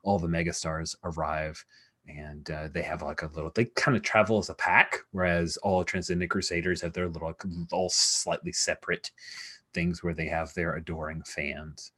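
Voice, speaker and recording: A man's voice: low voice, moderate pace, slightly rough. A man narrating as game master in a tabletop role-playing game, chatty and loose, with plenty of fillers. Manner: relaxed, chatty, many fillers.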